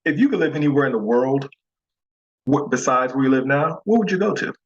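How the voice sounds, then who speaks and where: A man's voice: mid-range voice, animated, a little fast, lo-fi sound. An American man hosting a casual video-call interview, curious and easygoing, often repeating words as he starts a sentence. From United States. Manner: curious, easygoing, stammers on restarts. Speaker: interview host.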